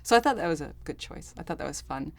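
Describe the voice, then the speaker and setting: A woman actress telling behind-the-scenes stories in a chatty, animated interview, often laughing. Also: sits low, fast talker, creaky, dry recording. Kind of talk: casual interview anecdotes.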